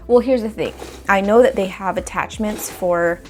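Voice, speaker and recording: This young woman speaks at a moderate pace in a medium, darkish voice over soft background music while repotting plants at home. Recorded on a nearby phone, she chats loosely, thinking aloud through many fillers and coughing at times from the dust.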